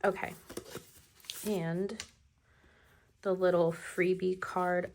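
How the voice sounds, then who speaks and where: A woman's voice: fairly low pitch, fairly even intonation, a little slow. A woman vlogger chatting casually as she unboxes her planners, enthusiastic about the stationery.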